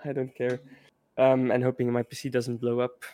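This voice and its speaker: A man from Belgium with a Belgian accent speaks as a podcast guest in a casual interview, often pausing on uh and um. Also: mid-range voice, completely flat delivery, dark tone, no echo. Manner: hesitant, with frequent uh and um.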